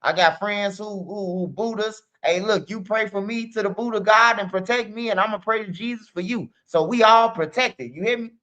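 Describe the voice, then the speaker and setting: A man's voice: sits high, normal speed, few pauses, bright, forceful tone, lo-fi sound. A man hosting a stream, talking in a loose, slangy, rambling monologue full of "man" and "bro". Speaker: streamer host.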